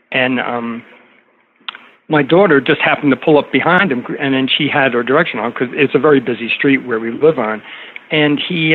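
A middle-aged man telling a story in casual conversation, rambling with many fillers and restarts. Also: medium pitch. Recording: tinny phone-like line with faint noise.

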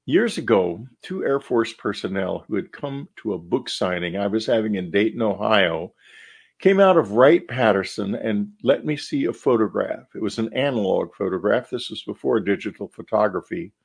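Husky older man musing earnestly. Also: lowish voice, animated, moderate pace. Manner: earnest, musing, asks many rhetorical questions. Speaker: podcast host. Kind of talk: reflective monologue.

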